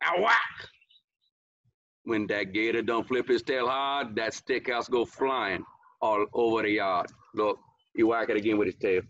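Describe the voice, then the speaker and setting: A man's voice: mid-range voice, fairly bright tone, no room sound. Man reading a folksy picture book. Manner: folksy Cajun-dialect storytelling with asides. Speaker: school storyteller reading aloud. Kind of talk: picture-book read-aloud. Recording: dull lo-fi, dry.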